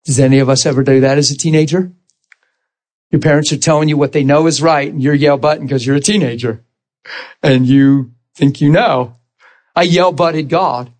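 Animated, storytelling male preacher. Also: a little high, normal speed. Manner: animated storytelling, acting out dialogue and laughing at himself. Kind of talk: sermon with personal testimony.

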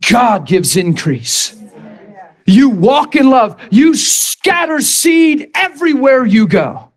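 A man preaching a sermon, telling stories with passion, repeating himself and breaking into shouts. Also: very high-pitched. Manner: passionate, repetitive storytelling with bursts of shouting.

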